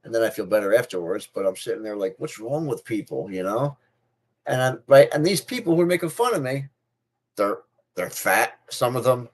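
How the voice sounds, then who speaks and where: A man's voice: medium pitch, lively intonation, a little fast. A middle-aged man with a speech difference, chatting casually to his viewers as a channel host, repeating and restarting phrases as he goes. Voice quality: speech difference, not a stutter. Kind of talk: casual personal talk to camera.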